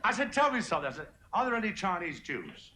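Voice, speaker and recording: A hoarse man giving an after-dinner comedy speech as guest of honour, trading deadpan one-liners and self-mocking asides in front of a lunch audience. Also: high voice, fast talker, a little hiss or hum. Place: banquet hall before a lunch audience. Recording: muffled archive recording, echoey banquet hall, loud laughing crowd.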